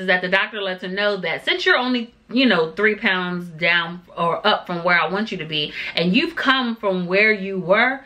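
A woman's voice: mid-range voice, bright, forceful tone. A woman giving a casual, chatty recap of a TV episode, full of fillers and sassy asides. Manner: sassy, talks back to the people on the show. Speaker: TV show reviewer.

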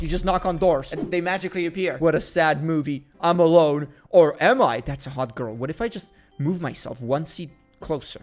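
Young male let's-player, pitched a bit high, goofy and teasing, slips into low fake-smooth asides.

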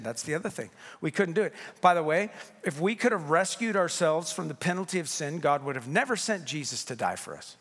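In a church sanctuary during a candlelight service, a middle-aged male pastor gives a sermon in a voice slightly high for a man. His preaching is conversational, animated and playful, with joking asides and quotes he acts out, and a long church reverb carries his words.

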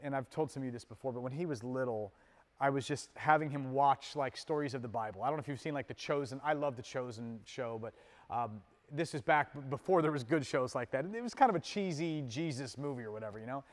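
A man preaching a sermon as pastor, moving between loud emphatic peaks and soft, low asides in a conversational manner with casual fillers. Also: fast. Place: church sanctuary. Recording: long hall reverb.

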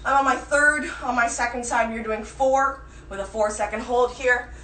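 A woman fitness instructor leads a live-streamed workout class, counting reps and calling out form cues. Her voice sits high, and she is out of breath at times. She is recorded from across an echoey room. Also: normal speed, a bit bright, distant mic, a little hiss or hum. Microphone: phone camera at a distance.

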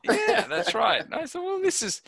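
A man's voice: extremely high pitch, huge pitch swings, normal speed, creaky, sharp tone, dry recording. An older Australian man being interviewed, telling a chatty anecdote and chuckling at his own story. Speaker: interview guest.

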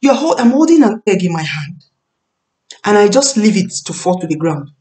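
A woman in her thirties preaches a sermon on marriage, her voice set in a middle register. She leans on repetition and slows down to hammer home key words. She sits a little back from the microphone. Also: mid-range voice, sing-song, dark tone. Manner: emphatic, repeats key phrases, slows to stress words. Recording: voice a bit far from the mic.

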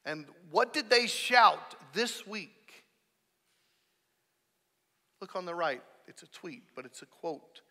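Pastor guy preaching, high bright voice, gets loud and punchy on key words, long church echo. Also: lively intonation, slow pace, long pauses. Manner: emphatic, rising to loud stressed peaks. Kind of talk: sermon. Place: church sanctuary.

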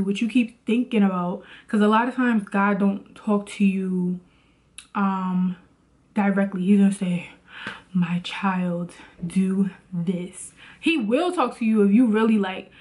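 A woman's voice: mid-range voice, moderate pace, darkish tone. A woman vlogging in a casual motivational talk about faith, chatty and preachy, with lots of "like".

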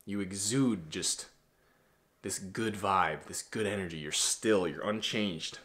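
A man's voice: low-pitched, slow pace, fairly bright tone. A man in his twenties giving a blunt, preachy, slangy motivational talk as a masculinity coach. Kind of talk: casual motivational monologue.

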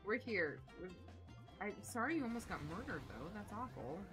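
A young adult woman chatting casually with viewers while playing a video game, animated and quick to exclaim. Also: mid-range voice, music in the background. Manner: animated, shrieks when excited, drops soft when focused. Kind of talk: casual let's-play commentary chatting with chat.

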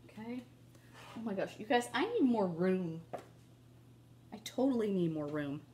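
A woman's voice: mid-range voice, expressive, measured pace, darkish tone, a little hiss or hum. A woman hosting a casual crafting tutorial. She talks in a gushing, chatty way and has a cough. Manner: gushing, chatty, keeps saying "you guys" and "oh my gosh". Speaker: craft video host.

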